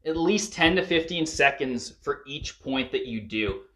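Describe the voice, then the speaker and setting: A man's voice: medium pitch, expressive, a little slow, pushed and bright. A man guiding listeners through a breathwork and emotional release session, coaching them urgently and swearing at the peaks. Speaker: breathwork facilitator.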